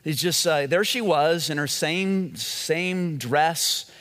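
A man preaches from the pulpit, telling stories in a loose, conversational way. His voice sits a bit higher than most men's, and he often circles back over his own phrases. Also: slow pace, a bit bright, big-room sound. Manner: conversational storytelling with many restarts. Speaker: pastor. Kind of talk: sermon.

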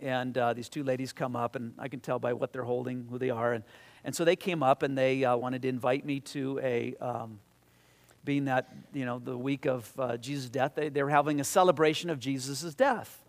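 A man's voice: mid-range voice, creaky. A man, a pastor or Bible teacher, telling a story to a midweek Bible study in a conversational way, repeating words and growing emphatic as he makes his point.

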